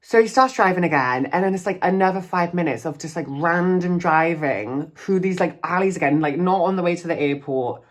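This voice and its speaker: A man's voice: high-pitched, a little fast, hardly any pauses. A young man, a drag queen vlogger, telling a storytime tale in a chatty way with lots of fillers and acted-out quotes. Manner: chatty, filler-heavy, acts out quoted lines. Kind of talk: storytime vlog.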